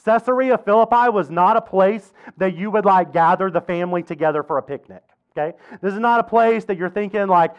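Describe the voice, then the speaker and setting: Man, pastor, chatty conversational sermon, high voice, muffled lo-fi sound. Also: fast talker, clean tone. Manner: casual, conversational preaching with asides.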